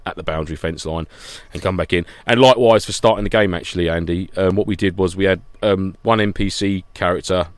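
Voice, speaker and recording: A man's voice: deep voice, fairly even intonation, fast, few pauses, smooth, dry recording. A man co-hosting a podcast, chatting casually and telling rambling stories with frequent laughs. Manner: rambling anecdotal storytelling, laughs often. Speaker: podcast co-host. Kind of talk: casual chat.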